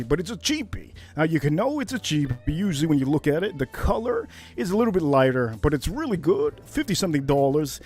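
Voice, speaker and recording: A man hosting a casual whiskey livestream, rambling between topics and getting worked up as he talks. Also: on the high side. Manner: rambling, animated, gets worked up. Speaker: livestream host. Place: Miami Beach.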